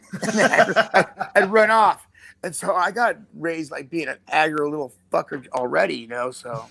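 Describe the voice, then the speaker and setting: A man's voice: a little high, normal speed, vocal fry, sharp tone, dry recording. A man in his fifties, a guest in a casual chat, telling long profane stories in a rambling way.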